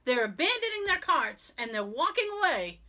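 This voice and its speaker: Woman, podcast co-host, casual storytelling, vivid bright tone, fairly high voice. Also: moderate pace, a little hiss or hum. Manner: animated, acts out quoted people.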